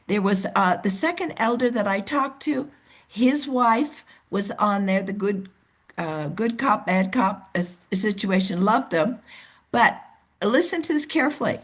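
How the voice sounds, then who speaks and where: A woman leading a team meeting over a video call. She coaches in an animated way and acts out the voices of the people she describes. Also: mid-range voice, unhurried. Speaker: team leader. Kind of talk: motivational coaching talk.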